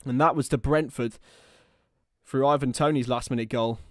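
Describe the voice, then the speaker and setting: A young man giving live partisan football commentary on a watchalong stream, excitable and prone to shouting. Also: mid-range voice, normal speed, no echo, studio quality.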